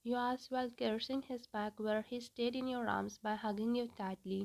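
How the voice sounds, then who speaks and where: A woman reading a fan fiction story aloud in an even, unhurried storytelling manner. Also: on the high side, vocal fry, poor audio.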